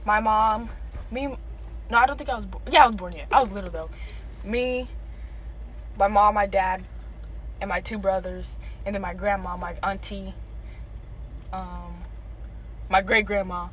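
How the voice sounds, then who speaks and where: A woman's voice: medium pitch, a little slow, long pauses, slight background noise. A young woman co-hosting a podcast among friends, telling stories in a rambling, filler-heavy way. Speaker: podcast co-host. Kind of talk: casual chat among friends.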